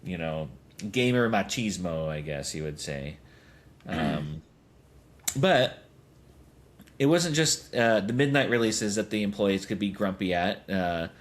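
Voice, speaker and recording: A man in his thirties hosting a podcast, telling rambling stories full of fillers and chuckles. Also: fairly low pitch. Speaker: podcast host. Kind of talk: casual podcast chat.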